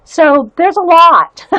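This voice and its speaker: A woman's voice: sits high, bright, forceful tone, dull audio. A woman hosting a casual livestream, chatting and giggling as she stumbles through reading aloud. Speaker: livestream host showing zines.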